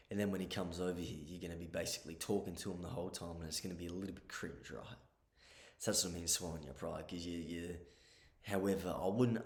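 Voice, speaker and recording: A man talks through casual advice in a low voice, blunt and sweary, checking in with the listener over and over. The sound has a roomy echo around it. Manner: blunt and profane, keeps checking in with "okay?". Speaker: advice vlogger.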